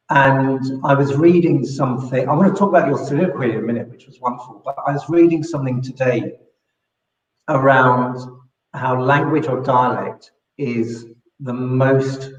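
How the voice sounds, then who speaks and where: A man's voice: medium pitch, muffled recording. London man, echoey room. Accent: London English. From London, England. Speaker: guest. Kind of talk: conversational interview.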